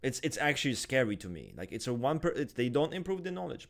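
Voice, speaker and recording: A married man co-hosting a podcast, talking loudly and swearing a lot as he rants in casual chat. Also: mid-range voice, fast talker, creaky, few pauses. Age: adult, married. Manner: loud, swears a lot, animated ranting. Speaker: podcast co-host.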